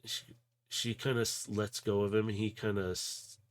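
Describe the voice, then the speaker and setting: A man narrating as game master in a relaxed, rambling, hesitant way. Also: on the low side, normal speed. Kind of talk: narrating a tabletop role-play.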